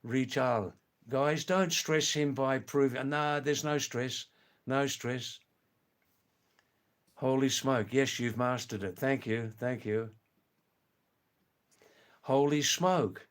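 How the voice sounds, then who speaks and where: An older man from England, hosting a live stream, chatting casually with viewers in a slow, rambling way full of hesitant fillers. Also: medium pitch, fairly even intonation. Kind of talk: casual live chat reading viewer comments.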